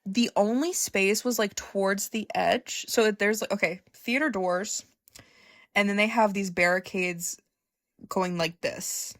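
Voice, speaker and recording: A young woman telling a casual storytime, excitable and profane, gushing and laughing often. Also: mid-range voice, measured pace, no echo, studio quality. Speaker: vlogger.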